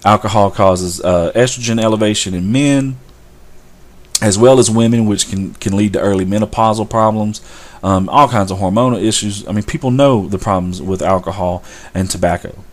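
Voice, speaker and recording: A man's voice: on the low side, normal speed. A man hosting a talk show, ranting in an opinionated monologue with sarcastic asides. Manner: ranting, sarcastic, mocks stoners in a drawl. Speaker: show host.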